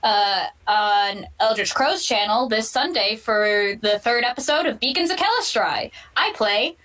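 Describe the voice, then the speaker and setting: A woman with a bright, slightly high voice introduces herself at a tabletop game. She speaks casually and cheerfully, with small uh fillers. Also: animated, a little slow, distant mic, poor audio. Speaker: player.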